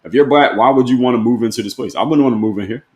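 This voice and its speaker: A man's voice: medium pitch, racing, roomy sound. A man hosting a live-stream, talking plainly and pressing his point with repeated rhetorical questions. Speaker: host.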